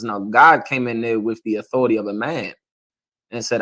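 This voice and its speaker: A man's voice: medium pitch, normal speed, pushed and bright. A man preaching a confrontational sermon as a street preacher, lecturing his listeners and often asking "You understand?".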